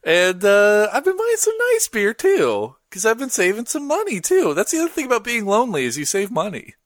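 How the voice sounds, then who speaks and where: A man's voice: high-pitched, wildly swooping pitch, brisk, no echo. A young man hosting a podcast in casual, slangy chat, laid-back and wandering off on tangents. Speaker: podcast host.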